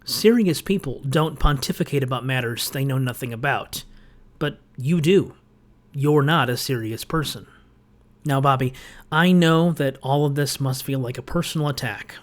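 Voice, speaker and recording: A man's voice: mid-range voice, moderate pace. A man delivering a scripted rebuttal commentary, sarcastic and lecturing, with a pointed, explanatory manner. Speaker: video essayist.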